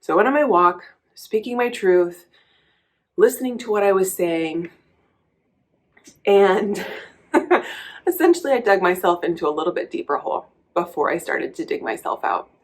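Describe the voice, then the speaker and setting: A woman's voice: mid-range voice, animated, normal speed, pauses often. A woman coach speaking candidly and reflectively in a personal vlog, telling a story with many small restarts. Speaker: coach and vlogger.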